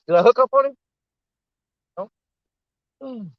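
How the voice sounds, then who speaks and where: A man narrating a fishing trip on a snowy riverbank in a folksy, excitable way, talking straight to his viewers. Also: very high-pitched, a little slow, no echo, muffled recording. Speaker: fishing vlogger. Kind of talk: casual outdoor commentary.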